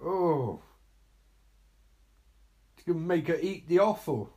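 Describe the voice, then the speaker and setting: A man's voice: high-pitched, very animated, takes it slowly, long pauses. A man giving live reaction commentary on a horror movie, sarcastic and exasperated, swearing freely.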